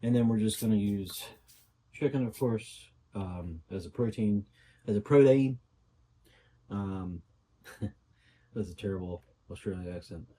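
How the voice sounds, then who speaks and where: A man's voice: on the low side, moderate pace, warm tone, slight background noise, rough recording. A young man talking casually through a cooking vlog, rambling with lots of fillers and little asides. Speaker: bodybuilder vlogger.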